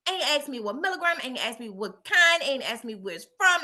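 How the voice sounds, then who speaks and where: Animated high-voiced woman storyteller. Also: fairly quick, hardly any pauses. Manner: animated, preachy storytelling with emphatic repetition. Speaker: motivational speaker. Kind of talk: motivational storytelling talk.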